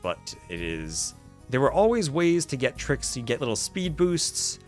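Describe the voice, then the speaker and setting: A man's voice: mid-range voice, sing-song, unhurried, soft background music. A man casting a strategy game on a live stream, calling the play and chatting with his viewers. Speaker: esports caster and stream host.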